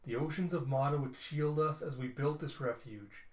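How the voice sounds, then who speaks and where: A man voicing a weary robot scientist who speaks calmly and solemnly, in a roomy space. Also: mid-range voice, natural voice. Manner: calm, measured, solemn. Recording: roomy echo.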